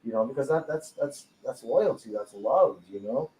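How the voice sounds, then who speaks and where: A man's voice: medium pitch, animated, moderate pace, dark tone, slight background noise. A man telling a personal story in casual chat, swearing freely and laughing often. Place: tattoo studio during a live podcast. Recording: roomy echo, faint ambience.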